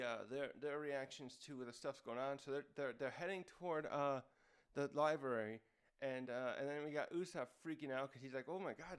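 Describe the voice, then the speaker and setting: A man hosts a casual manga recap, speaking off the cuff and rambling with plenty of fillers and restarts. His voice is mid-range with a clean tone.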